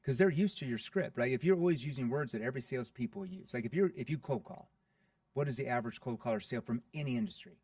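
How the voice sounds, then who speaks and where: Man, sales coach guest, energetic, rhetorical questions, dry distant mic sound. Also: mid-range voice, quick pace, no echo. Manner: energetic teacher, asks rhetorical questions, says "right?" often. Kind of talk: podcast interview, explaining.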